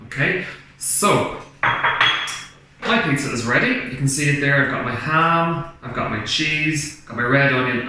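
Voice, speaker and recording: Guy teaching kids to cook, slow and clear, keeps asking questions, super echoey room. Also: medium pitch, bright, forceful tone. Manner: slow, clear, encouraging, asks children questions. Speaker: primary school teacher. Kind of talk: cooking lesson for children. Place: home kitchen. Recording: very echoey room, faint background noise.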